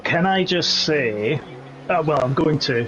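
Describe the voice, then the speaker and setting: A man's voice: on the high side, lively intonation, measured pace, dull audio, crowd noise. A man joining a sim racing broadcast, jokey and rambling, with many hesitations.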